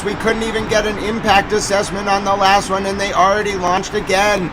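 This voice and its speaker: A man giving excitable live commentary on footage as a streamer, slangy and repetitive, swinging between hushed and loud. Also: high-pitched, a little fast, hardly any pauses, background noise. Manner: slangy, repeats phrases.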